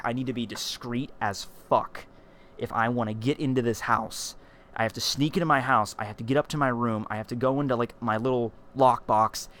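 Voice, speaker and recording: There's a little hiss or hum on this recording of a middle-pitched man telling a story to his vlog camera. He rambles animatedly, filling his talk with fillers, repeats, and restarts.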